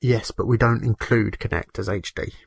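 A man's voice: fairly low pitch, steady tone, moderate pace, gravelly, husky, dry recording. A man from the UK chatting casually on a gaming podcast, dry and sweary with a matter-of-fact delivery. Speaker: podcast co-host.

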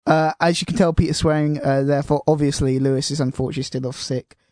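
A man's voice: on the high side, fairly even intonation, fast, a little mellow, no room sound, studio quality. A man hosting a casual podcast chat, rambling and self-deprecating, with casual swearing. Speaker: podcast host.

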